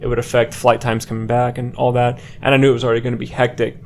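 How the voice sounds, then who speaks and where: Young man, podcast co-host, animated storyteller, faint background hiss. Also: medium pitch, fast talker. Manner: animated anecdote telling with laughs. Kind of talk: casual storytelling among friends.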